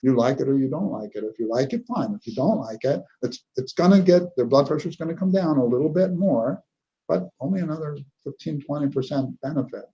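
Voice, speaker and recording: A man with a fairly high, expressive, warm voice delivers a neurology lecture at a fairly quick pace in a lecture hall. He tells clinical stories conversationally and often asks "okay?", and the recording is muffled.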